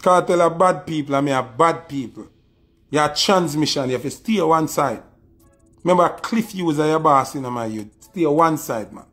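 A social media personality with a Jamaican accent delivers a scornful, taunting diss rant in a video, repeating his insults. His fairly high voice is expressive and a bit bright, at a moderate pace, with soft music in the background.

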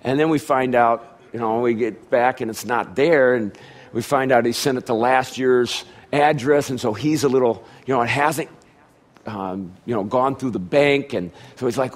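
A middle-aged man preaching a sermon, telling a family story in a storytelling manner and doing animated impressions of his relatives. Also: medium pitch, moderate pace. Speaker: pastor.

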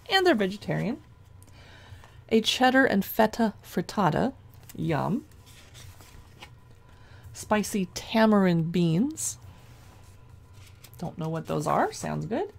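A woman casually flipping through a cookbook, chatty and gushing as she reads dish names aloud, with a gravelly edge to her voice. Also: mid-range voice, darkish tone. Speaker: cookbook reviewer.

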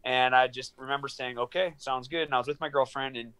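A man in his thirties on a video call from his small studio apartment, telling a long story in an animated, profane way and acting out the dialogue. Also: medium pitch, fast talker, clear, resonant tone. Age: 30s. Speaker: guest, professional fighter. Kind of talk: casual storytelling interview.

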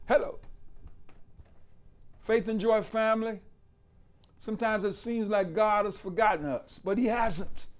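A man's voice: sits high, a little mellow. A man preaching a sermon as pastor, emphatic and repetitive, with call-outs like rhetorical asides to the congregation.

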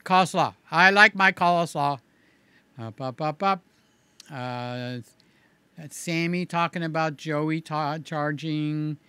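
A man's voice: fairly high pitch, fairly even intonation, takes it slowly, pushed and bright, smooth, no echo. A man hosting a casual livestream, rambling as he reads out viewer comments, with a slight slur to his words. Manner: rambling, chatty, repeats himself. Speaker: livestream host.

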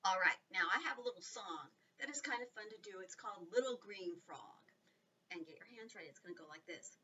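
A woman leading a children's storytime and craft lesson, animated and sing-song, talking directly to small children. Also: mid-range voice, quick pace, husky, far from the mic, lo-fi sound. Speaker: children's librarian.

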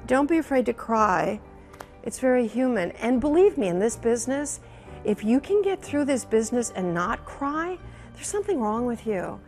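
Woman, sixties, veteran news anchor, higher voice, reflective and emotional, repeats herself when moved. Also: moderate pace, faint music behind. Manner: animated, emotional storyteller who repeats phrases. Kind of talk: reflective conversational interview.

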